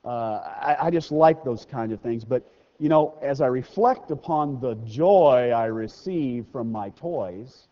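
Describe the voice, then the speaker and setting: Here a pastor with a mid-range voice preaches casually to his congregation in the church sanctuary, easing his pace and rising for scripture and making self-mocking jokes along the way. The recording sounds dull, with a long hall reverb.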